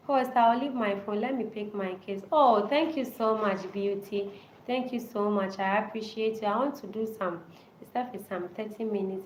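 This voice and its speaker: A woman's voice: on the high side, darkish tone. A woman hosting a casual live-stream chat, speaking earnestly and restating short phrases over and over. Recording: echoey room with faint background noise.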